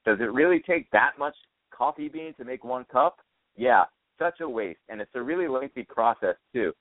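A man's voice: mid-range voice, animated, moderate pace, no echo. An American man hosting a casual chat by phone, swearing freely and adding wry asides. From United States. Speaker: podcast host. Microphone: phone call. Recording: dry, tinny phone line.

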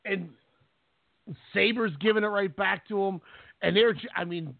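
High gravelly man on a phone line. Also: no echo. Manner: rambling, halting restarts. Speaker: podcast co-host. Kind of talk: casual chat.

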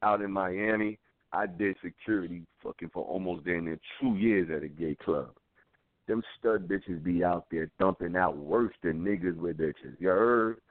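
A man's voice: deep voice, moderate pace, dry recording. A man co-hosting a call-in talk show, blunt and repetitive, talking in street slang. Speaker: co-host. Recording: tinny phone line.

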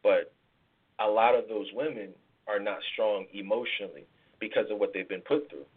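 Husky-voiced man giving relationship advice. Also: on the low side, normal speed. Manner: emphatic, repeats words, explains with analogies. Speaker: podcast host and life coach. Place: live podcast taping. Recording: tinny phone-like sound.

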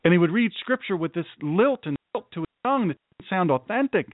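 A man's voice: sits high, expressive, fast, dry recording. A man hosts a radio show, talking in an earnest, folksy and preachy way and hammering his points with repeated phrases. His voice comes through a thin, phone-like line with no room sound around it. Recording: dry, tinny phone-like sound.

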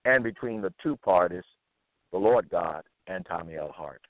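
A man reading scripture aloud and commenting on it in a slow, deliberate, repetitive way. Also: low voice, lively intonation, no room sound. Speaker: monologue speaker. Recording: tinny phone-like line, dry.

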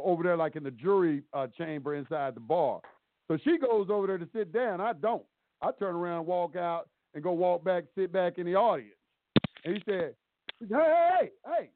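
A man with a high-sitting voice calls into a show and casually spins stories, voicing both parties in each exchange. The phone audio is tinny, with no room sound.

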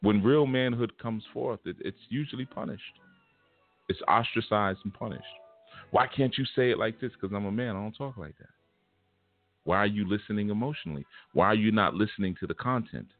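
Deep, blunt-talking male spiritual teacher. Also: brisk, no echo. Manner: blunt, punchy, confrontational. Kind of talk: casual spiritual lecture. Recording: tinny phone-like sound with faint music.

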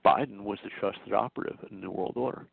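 A man's voice: fairly low pitch, fairly even intonation, fast, gravelly, husky, no room sound. A male host giving an insistent political commentary monologue, full of stammering restarts. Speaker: talk show host. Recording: dry tinny phone-like sound.

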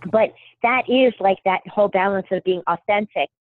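A woman's voice: mid-range voice, dry recording. Podcast host, woman, chatty and self-deprecating, thin phone-line sound, dry. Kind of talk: casual podcast chat. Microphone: remote call. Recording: thin phone-like call audio.

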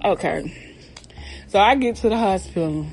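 A woman hosting a comedy podcast, telling a family story in a profane, slangy, animated way while out of breath. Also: medium pitch, normal speed, creaky. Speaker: podcast host. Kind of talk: comic storytelling.

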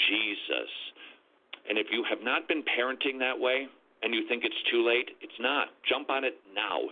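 A man preaching on the radio, animated and driving his points home with rhetorical questions. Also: medium pitch. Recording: tinny phone-like radio audio.

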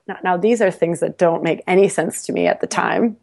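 Brisk and creaky, with a fairly low pitch, this woman's voice carries a personal story she shares as a podcast guest in a relaxed interview. She pokes fun at herself, laughs frequently, and repeats words while restarting sentences in her animated telling.

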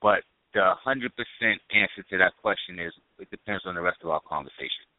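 A man's voice: low-pitched, a little fast, dry recording. A middle-aged man calling in by phone, bantering wryly in a laid-back way. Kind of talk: casual chat. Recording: tinny phone-line audio.

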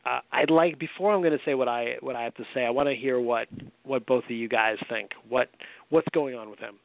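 A man's voice: mid-range voice, fairly quick, vocal fry, no echo. Host, male, chatty and laughing, over a tinny dry phone line. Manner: laughs often, restarts words. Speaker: podcast host. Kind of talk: casual sports chat.

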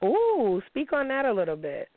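A woman's voice: high-pitched, normal speed, no room sound. A woman hosting a casual call-in show, blunt and profane. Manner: blunt, profane, animated storytelling. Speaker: podcast host. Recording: tinny phone-line sound.

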